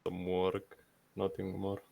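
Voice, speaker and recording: A secretive stranger from the Russian Empire, played by a man, with a put-on Russian accent and a very deep, gravelly, flat voice. He answers curtly and keeps his business to himself in a game role-play. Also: slow, exaggerated voice. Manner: curt, guarded.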